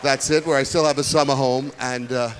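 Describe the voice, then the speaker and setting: An older man from Brooklyn, doing a stand-up comedy routine with rapid-fire jokes in a high school auditorium. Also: steady tone, a faint crowd, a little hiss or hum. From Brooklyn, New York. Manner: rapid-fire joke delivery with bits of put-on voices.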